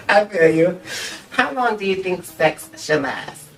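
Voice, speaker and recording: A host leading a casual interview, upbeat and teasing, giggling often as she fires off quick questions. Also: medium pitch, expressive. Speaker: talk show host. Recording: distant mic with faint background noise.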